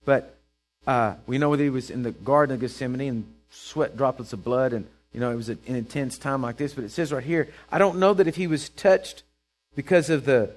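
Man, preaching, chatty and lively, acts out characters. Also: mid-range voice, a little fast, soft background music. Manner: conversational, checks in with the congregation; acts out Bible characters in quoted voices. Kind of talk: sermon.

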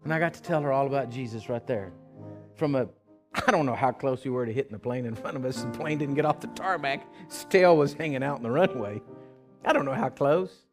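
A man preaching a sermon in a church, swinging from loud urgent calls to hushed pleading. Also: medium pitch, fairly quick, over music. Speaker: pastor. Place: church sanctuary with live congregation.

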